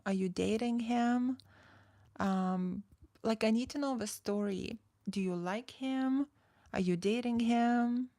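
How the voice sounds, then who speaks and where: Chatty gravelly-voiced woman coach in her forties. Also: medium pitch, darkish tone, dry recording. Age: 40s. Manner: chatty, full of "like" and restarts, reads chat aloud. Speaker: dating coach. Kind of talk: casual livestream chat.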